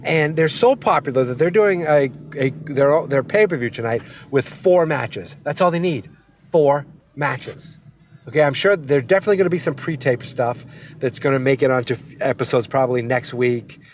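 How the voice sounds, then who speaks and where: A man chats in a rambling, tangent-prone way as he drives. His voice sits at an ordinary middle pitch. The recording comes from inside a moving car with a faint hum of road noise behind him. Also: normal speed. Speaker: wrestling vlogger. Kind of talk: casual monologue while driving.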